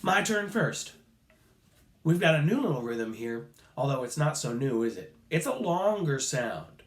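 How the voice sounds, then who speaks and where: A man teaching children rhythm in a playful call-and-response lesson, chanting beats and syllables in a sing-song way. His voice sits a little high, and he speaks slowly and deliberately. The sound carries a noticeable room echo. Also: big pitch swings. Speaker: music teacher.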